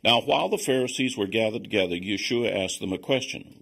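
A man teaching on scripture as a Bible teacher, explaining in a measured way and reading passages aloud. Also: on the low side, gravelly, a bit bright.

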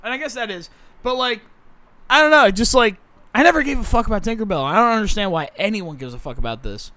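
A young man with a high, bright voice co-hosts a casual podcast chat. He talks bluntly and swears freely, with animated, opinionated delivery. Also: fast, no echo. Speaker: podcast co-host.

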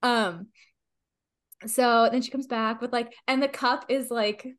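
Woman player, chatty, giggly, fairly high voice, tabletop game. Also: fairly even intonation, slow pace, fairly bright tone. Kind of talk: describing her character in a tabletop game.

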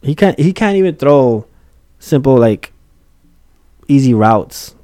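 A man's voice: medium pitch, animated, slow pace, warm tone, no echo. Man, casual sports argument, stubborn, profane, dry sound.

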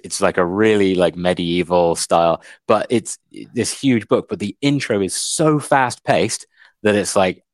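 A young man co-hosting a casual book podcast, telling a plot with lots of "like" and an animated retelling. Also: sits low, no echo, studio quality. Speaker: podcast co-host.

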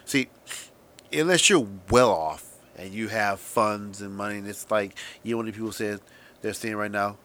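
A man hosting a podcast, delivering a sarcastic, profane comedic monologue that swings between loud emphasis and muttered asides. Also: fairly low pitch, moderate pace. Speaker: podcast host.

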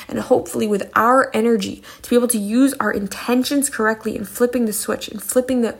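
A woman giving a spoken Torah lesson, passionate and emphatic, with sudden high bursts. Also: fairly even intonation, fast, vocal fry, few pauses, husky. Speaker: Torah class teacher.

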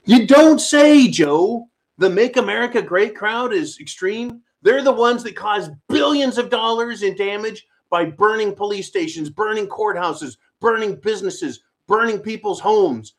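Male host, fairly high voice, mocking and combative, ranting political commentary. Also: lively intonation, a little slow, few pauses. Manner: sarcastic, mocking, shouty rants with audience asides.

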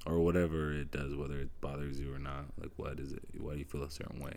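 A man's voice: a bass voice, monotone, fast, darkish tone. A man chatting casually on a podcast. His manner is teasing, dry and blunt. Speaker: podcast guest. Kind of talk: casual chat.

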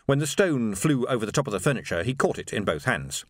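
An expressive male narrator reads the novel with animated, lively intonation. His voice sits at an ordinary pitch and sounds dry and close to the mic. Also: quick pace, dry recording. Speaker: audiobook narrator. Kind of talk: scripted narration.

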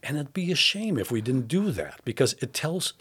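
A man's voice: medium pitch, sing-song, moderate pace, a bit bright, slightly rough. A man who directs a theatre, talking thoughtfully in a casual interview, with many fillers and restarts.

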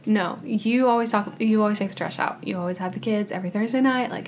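A woman hosting a casual podcast, teasing her co-host in an animated way and laughing often. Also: mid-range voice, fast. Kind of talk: casual chat.

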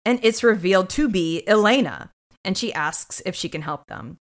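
A woman co-hosting a podcast, retelling a TV episode in a loose, casual way. Her pitch sits mid-range but swings widely and playfully. She slips in little quoted voices as she goes. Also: moderate pace. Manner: animated storytelling with quoted voices. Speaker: podcast co-host. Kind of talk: casual recap chat.

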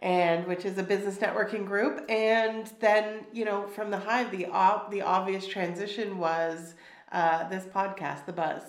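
A woman's voice: medium pitch, steady tone, a little slow. A woman co-hosting a casual podcast, stuffy and nasal from a cold, bubbly and chatty with lots of restarts. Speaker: podcast co-host. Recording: echoey room.

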